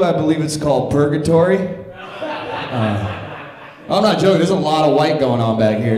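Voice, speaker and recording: A man doing stand-up comedy with a dry, self-deprecating delivery. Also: mid-range voice. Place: comedy stage in a small venue. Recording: echoey room with a laughing crowd.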